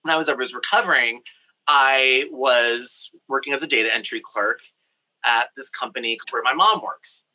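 A man's voice: mid-range voice, normal speed, bright, forceful tone, poor audio. A young man from Brazil, a storyteller with a campy, candid, playful way of talking, recording in a home craft studio. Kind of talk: personal storytelling.

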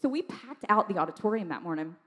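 A woman telling a lively testimony story in a chatty way, with lots of fillers and laughter. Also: mid-range voice, quick pace, in a large hall. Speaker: ministry speaker sharing testimony.

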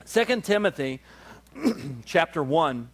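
A man preaching a sermon as a pastor, rising in pitch and force on emphatic calls and slowing down to explain scripture. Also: very animated, slightly rough.

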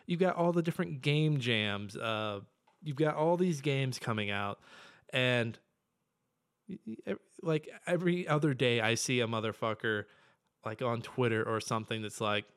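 A young man co-hosting a casual podcast, ranting profanely and excitably, with sudden bursts of yelling. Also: medium pitch, normal speed, clear, resonant tone. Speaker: podcast co-host.

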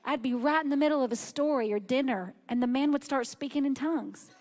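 Woman preacher, high voice, animated, conversational sermon. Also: brisk.

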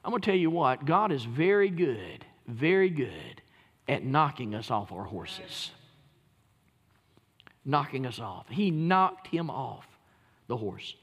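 A male pastor preaching a sermon, swinging from hushed low lines to booming, rising declarations. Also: big pitch swings, takes it slowly, long pauses, slightly rough. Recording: long hall reverb.

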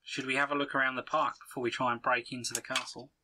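A man's voice: medium pitch, level tone, quick pace. A man playing a tabletop game, asking practical questions about the scene. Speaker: player. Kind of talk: casual tabletop game chat. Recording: faint background noise.

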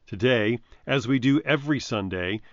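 A man's voice: mid-range voice, no echo. Man reading a reverent devotional reflection. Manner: measured, reverent reading with emphatic quotes. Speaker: preacher. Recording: dry, dull lo-fi recording.

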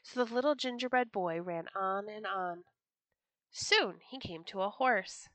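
A woman reads a storybook aloud with a bright, ringing voice and lively expression. The sound is close and dry, with no room around it. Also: mid-range voice, measured pace, no room sound. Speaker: storyteller, podcast host.

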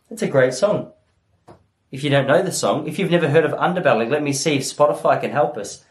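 A man in his thirties hosts a solo comedy podcast, rambling self-mockingly and slipping into quick character voices. His voice is a little high.

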